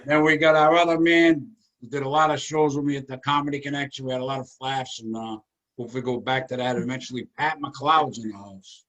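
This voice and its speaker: A man's voice: medium pitch, fairly even intonation, a little fast, a bit bright. A man hosting a casual comedy chat over a video call, teasing his guests and laughing often. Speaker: host.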